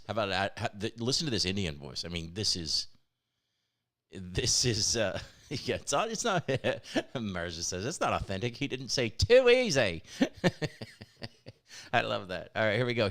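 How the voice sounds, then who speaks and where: A man runs a casual weekly developer live-cast, sharing news with open enthusiasm and frequent laughter. His voice sits slightly low, and his talk is loose and conversational. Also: big pitch swings, normal speed, bright, forceful tone. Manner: enthusiastic, chatty, laughs often. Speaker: developer hosting a weekly livestream.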